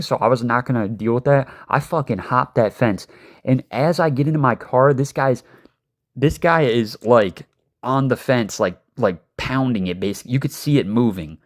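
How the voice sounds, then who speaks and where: A man telling a casual storytime tale, rambling with many fillers and swearing. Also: mid-range voice.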